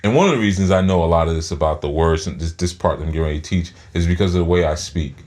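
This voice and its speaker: A man's voice: sits low, rapid-fire, darkish tone. A man giving a spiritual teaching talk, speaking through his teeth and often repeating words as he thinks aloud.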